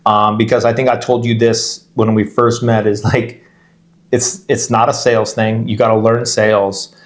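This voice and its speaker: A man's voice: fairly low pitch, little pitch movement, normal speed. A middle-aged man co-hosting a podcast, chatting casually in long rambling stories that he keeps interrupting and restarts, laughing as he goes. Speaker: podcast co-host, real estate agent.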